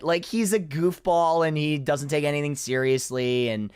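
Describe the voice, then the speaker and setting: A man's voice: fairly high pitch, normal speed, smooth, no room sound. A man, a voice actor, telling a long story in a casual podcast chat, rambling with many restarts.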